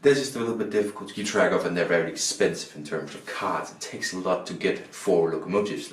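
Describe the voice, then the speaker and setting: A man, a board game reviewer rambling casually through the rules and his opinions, often restarting his sentences. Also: sits low. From Denmark. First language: Danish. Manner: rambling, restarts often, self-deprecating asides. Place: indoors at a table. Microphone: camera mic, self-recorded. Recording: roomy echo, faint background noise.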